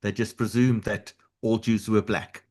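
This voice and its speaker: A man's voice: on the low side, flat delivery, measured pace, darkish tone. Man hosting an interview. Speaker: host.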